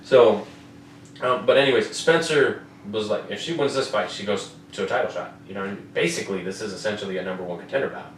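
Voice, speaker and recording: A man's voice: fairly low pitch, quick pace. A man hosting a casual fight-recap podcast, swearing often and asking "you know what I mean?" over and over. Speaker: podcast host. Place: home room with air conditioner. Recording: roomy, distant mic, faint noise.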